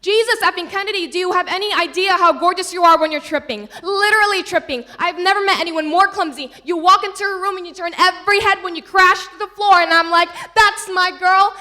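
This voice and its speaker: Woman, spoken word poet; very bright, forceful tone; rhythmic and impassioned. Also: very high voice. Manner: impassioned, rhythmic, swings between loud and soft. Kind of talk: spoken word poetry performance.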